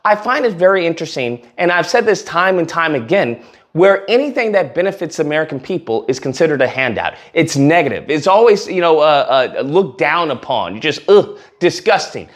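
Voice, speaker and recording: A man's voice: on the high side, very animated, brisk. A man hosting casual political commentary, blunt and sarcastic, rambling in his delivery.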